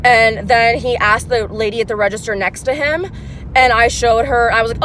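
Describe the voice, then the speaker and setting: A woman in her twenties, chatty and animated, telling a story as a gig-worker vlogger while in her car. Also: a little high, moderate pace, slight background noise. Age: 20s. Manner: chatty, animated, many fillers. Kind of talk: casual storytime vlog.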